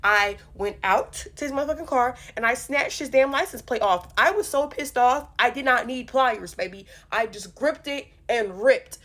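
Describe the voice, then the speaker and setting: A young woman telling a funny personal story in a casual storytime vlog, animated and profane, with punchy delivery. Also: a little high, normal speed, hardly any pauses. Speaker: storyteller vlogger.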